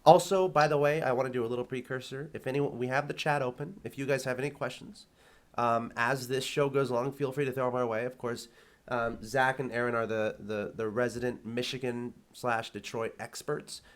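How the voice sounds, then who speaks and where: A man's voice: medium pitch, fairly even intonation, brisk. Nasal man with a cold, chatting. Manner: stammering, repeats words at starts. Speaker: host and caster. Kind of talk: casual podcast chat.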